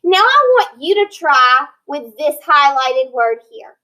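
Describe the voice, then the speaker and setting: A woman teaches phonics in a recorded lesson, breaking words into syllables and sounding them out slowly for her students. Her voice sits high and sounds bright. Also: very animated, rough recording. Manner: slow, clear modeling of word sounds with praise and prompts.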